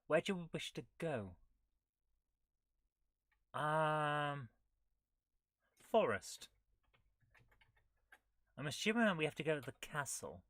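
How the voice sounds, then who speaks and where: Wry bright-voiced woman playing a retro game. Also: deep voice, no echo. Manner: wry, reads game text aloud with dry asides. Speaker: host of a retro gaming channel. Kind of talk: live gameplay commentary.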